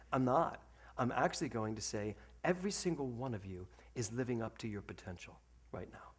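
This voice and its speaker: Man, minister, sermon, humorous storyteller, animated, lively swooping pitch. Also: fairly quick. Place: spiritual center.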